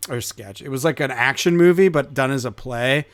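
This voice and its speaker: A man's voice: mid-range voice, fairly quick, no echo, studio quality. A man co-hosting a podcast in casual chat, laughing often and rambling with fillers. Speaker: podcast co-host.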